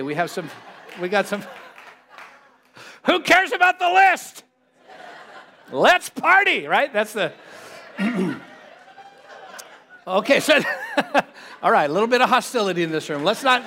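A man's voice: high-pitched, pushed and bright. A man preaching a sermon to a congregation, conversational and playful, often joking with the people in the room. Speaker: pastor.

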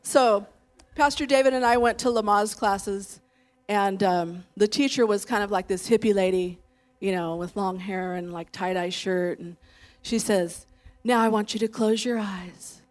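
A woman's voice: medium pitch, fairly even intonation, measured pace. A woman in her late fifties preaching a sermon in a conversational way, leading her congregation and telling stories with self-deprecating asides. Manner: warm conversational preaching, leads the congregation in declarations. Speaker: pastor's wife preaching.

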